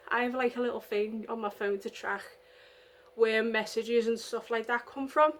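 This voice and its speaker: Young woman from the UK, high voice, casual vlogger, rambling and indignant. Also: fairly even intonation, fairly quick, fairly bright tone. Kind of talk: casual vlog monologue.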